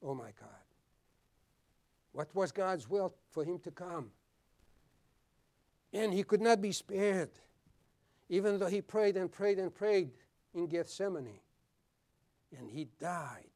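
High-voiced, slow-speaking man preaching. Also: expressive. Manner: earnest, repeats words, clears throat often; drops soft and low for solemn passages. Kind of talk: sermon.

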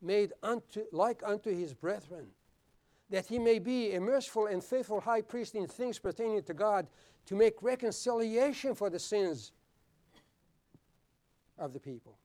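A man preaching a sermon, earnest and repeating his words, at times dropping low and soft for solemn points. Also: a little slow. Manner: earnest, repeats words, clears throat often.

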